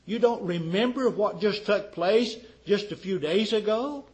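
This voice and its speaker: A man preaching a sermon with fervor, firing rhetorical questions at his congregation and swinging from loud declarations to quiet, dropped endings. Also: high-pitched, a little slow, low-quality recording. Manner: fervent, rhetorical questions, wide swings in loudness.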